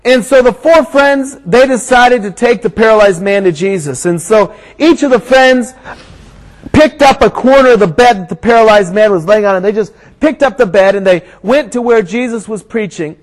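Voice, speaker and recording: A man preaching to a crowd, praying and then telling a funny story before a Bible passage, growing animated and shouting at the climax. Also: high-pitched, moderate pace, low-quality recording. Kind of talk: storytelling sermon.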